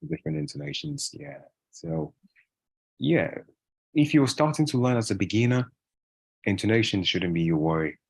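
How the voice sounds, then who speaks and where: A man with a very deep, slightly husky voice speaks in an easygoing interview. He rambles, restarts sentences and leans on fillers as he explains things. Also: lively intonation, moderate pace, pauses often, darkish tone. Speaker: guest English speaker. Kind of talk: casual conversational interview.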